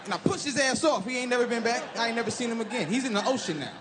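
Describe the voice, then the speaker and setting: A high-voiced stand-up comedian from Chicago performs a loud set at a racing pace, animated and profane, shouting his punchlines. He's on a comedy stage before a laughing live audience, and the recording carries loud live room noise.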